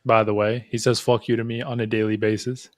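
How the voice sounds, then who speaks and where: A man's voice: lowish voice, level tone, a little fast. Man chiming in with quips. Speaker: podcast co-host. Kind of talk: casual chat.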